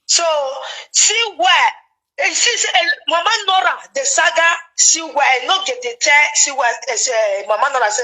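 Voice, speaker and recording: A Nigerian woman chatting excitedly about online gossip, laughing often and switching into pidgin. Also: sits high, moderate pace, low-quality recording. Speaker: gossip commentator. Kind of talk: casual chat.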